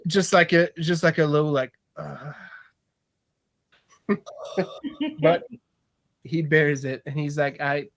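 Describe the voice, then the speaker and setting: Slow, halting game master. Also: medium pitch, steady tone. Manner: slow, hesitant, many fillers and laughs. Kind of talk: narrating a tabletop game.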